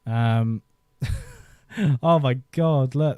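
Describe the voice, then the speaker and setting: A man's voice: medium pitch, a little slow, dark tone, no echo, studio quality. A man in his thirties chatting casually on a live stream, rambling and nostalgic, often laughing as he talks into a desk microphone. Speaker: YouTube host.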